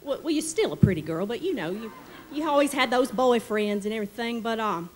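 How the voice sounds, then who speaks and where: A woman's voice: fairly high pitch, expressive, a little fast, slight background noise, voice pushed up, lightly acted, rough recording. A woman playing a chatty, nosy older Southern widow from the Mississippi Delta with a gushing, drawling manner. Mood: gossipy. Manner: gushing, drawling, fond of "darling".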